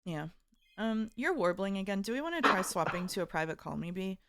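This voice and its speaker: A woman streamer chatting casually, recapping slowly with lots of ums and uhs. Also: medium pitch, big pitch swings, fairly bright tone, slight background noise. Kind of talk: casual chat.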